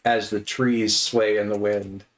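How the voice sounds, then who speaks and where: A man's voice: fairly low pitch, level tone, a little slow. A man narrating as game master, describing the scene in a rambling way and often restarting his sentences. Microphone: online session audio. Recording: roomy echo.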